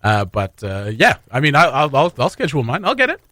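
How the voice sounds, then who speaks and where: A man's voice: mid-range voice, a little fast, no room sound, studio quality. A man hosting a morning radio show, chatting casually and joking with co-hosts. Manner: jokey, laughs often, lively. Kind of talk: casual banter.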